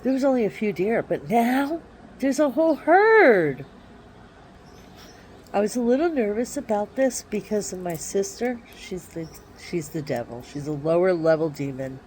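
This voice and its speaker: A woman vlogging casually from her backyard on her phone, talking in an excitable, drawling way with sudden swings of emphasis. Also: medium pitch, moderate pace, a little hiss or hum. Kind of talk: rambling casual monologue. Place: backyard by a wooded area, outdoors.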